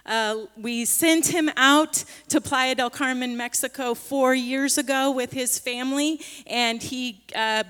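A female pastor welcomes a church congregation and makes announcements in an unhurried way with a few fillers. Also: a little high, a bit bright, smooth, in a large hall. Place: church sanctuary.

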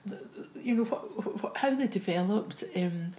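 A Scottish woman hosting a casual chat, talking warmly with many halting restarts. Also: mid-range voice. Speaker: host. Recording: roomy echo.

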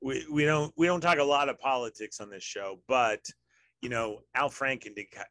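A man hosts a relaxed conversation, rambling and wry, slipping into sarcastic asides. His voice sits at an ordinary middle pitch, recorded dry and close with no room sound. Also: normal speed, no echo. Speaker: podcast host. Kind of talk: casual chat.

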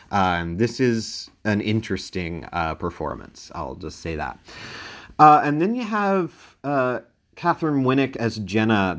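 A man casually reviewing a film out loud, rambling and wry, with many filler sounds between thoughts. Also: fairly low pitch.

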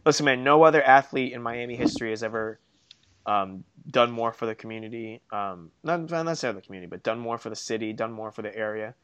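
A young man co-hosting a casual sports podcast, telling stories in an animated, self-mocking way. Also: mid-range voice, fast talker, clean tone. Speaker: podcast co-host.

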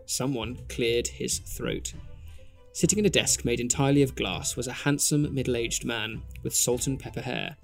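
A man's voice: medium pitch, normal speed, vocal fry, faint music behind. A man co-hosting a podcast, reading interactive fan fiction aloud in a playful way and laughing at his own puns. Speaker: podcast co-host.

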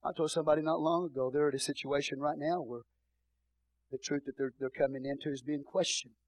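A middle-aged Texan man preaches, his voice sitting a little high. He drops to soft murmurs and then rises into booming shouts. The sound is close and dry, with little room around it. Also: steady tone, fast talker, no echo, poor audio. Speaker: pastor. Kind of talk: sermon.

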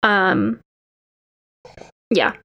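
A woman co-host recaps a TV drama episode on a casual podcast, speaking very slowly at a medium pitch with vocal fry. Sarcastic and relaxed, she swears some and mimics the characters in mock voices. The recording sounds muffled.

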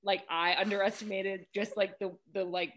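A young American woman in a casual interview, answering in a relaxed, rambling way with hesitant fillers. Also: medium pitch, normal speed. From United States. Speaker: guest, athlete.

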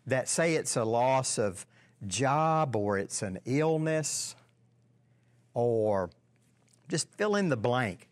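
A man's voice: medium pitch, big pitch swings. A man teaching a Bible lesson in a conversational way, often repeating words and putting questions to his listeners. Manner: halting, repeats words, asks the audience questions.

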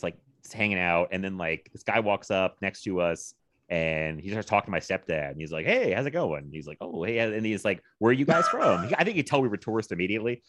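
A man in his thirties from Virginia, co-hosting a podcast, telling animated stories with frequent laughter. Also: sits low, dry recording. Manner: animated storytelling, laughs often, quotes people in lively voices. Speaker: podcast co-host. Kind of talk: casual chat.

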